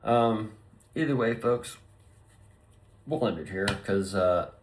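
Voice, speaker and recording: A man's voice: lowish voice, slow pace, slight background noise. A man rambling through a profane, free-associating solo monologue to his viewers. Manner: profane, stream-of-consciousness wordplay. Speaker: vlogger.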